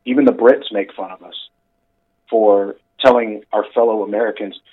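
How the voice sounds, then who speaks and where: A man's voice: fairly low pitch, steady tone, moderate pace, narrow, tinny audio. A man co-hosting a casual chat show, talking in a rambling way with lots of fillers. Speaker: podcast co-host.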